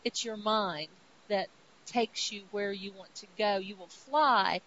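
A woman's voice: medium pitch, slow pace, a bit bright, muffled recording, slight background noise. A woman hosting a podcast, chatty, casually recapping a comic book story and quoting characters, with many restarts. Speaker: podcast host.

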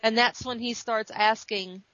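A woman's voice: on the high side, steady tone, a little slow, bright, forceful tone, no room sound. A woman podcast host in casual chat, animatedly retelling a comic story and acting out quotes. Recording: muffled dry recording.

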